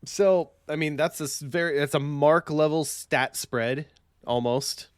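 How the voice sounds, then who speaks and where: A man's voice: on the high side, a little slow, smooth, no echo, clean studio sound. A man co-hosting a podcast, chatting casually about a card game with rambling, self-deprecating asides. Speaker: podcast co-host.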